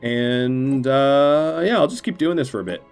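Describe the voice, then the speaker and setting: A man streams a strategy game with casual, playful commentary, gleefully playing the mock villain. His medium-pitched voice is unhurried and a little mellow, with faint game music in the background.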